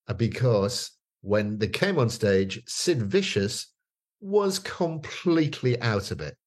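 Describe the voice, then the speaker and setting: Older man, casual storytelling, halting, lots of ums, middling pitch. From northeast England. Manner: rambling, hesitant, lots of fillers and restarts. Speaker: guest.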